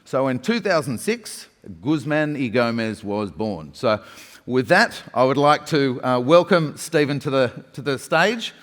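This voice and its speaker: A man's voice: mid-range voice, animated, a little slow, a bit bright. A man moderating a stage interview, introducing his guest with a lot of hesitation and filler words. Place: large event hall stage. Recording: reverberant conference hall.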